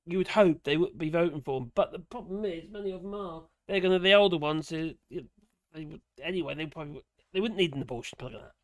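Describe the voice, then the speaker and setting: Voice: medium pitch, fast talker, no room sound. A host giving rambling, casual commentary on a live stream and reading out viewers' chat messages. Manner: rambling, chatty, sighs and laughs between remarks.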